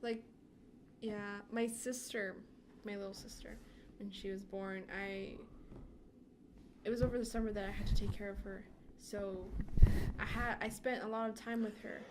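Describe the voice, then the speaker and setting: A young woman chats on a podcast, light and easygoing, with laughs between her phrases. Her pitch sits in the middle. A steady background noise runs under her voice. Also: normal speed, long pauses. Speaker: podcast co-host. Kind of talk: casual chat.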